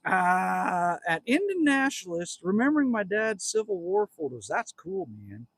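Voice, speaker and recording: A man's voice: high-pitched, very animated, a little slow, a bit bright, no room sound. Jokey Canadian man in his fifties. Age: 50s. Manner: rambling, jokey, talks straight to viewers. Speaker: livestream host. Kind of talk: casual livestream chat reading comments. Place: outdoors at a cabin.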